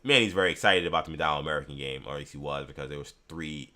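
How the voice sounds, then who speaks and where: Deep-voiced, forceful sports talk host. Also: male voice, racing. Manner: animated, ranting. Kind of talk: live sports talk, reading chat.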